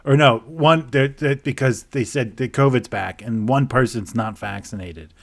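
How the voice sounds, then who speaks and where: A man's voice: mid-range voice, normal speed, gravelly. A young man co-hosting a casual podcast chat, laughing and swearing as he acts out quoted voices. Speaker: podcast co-host.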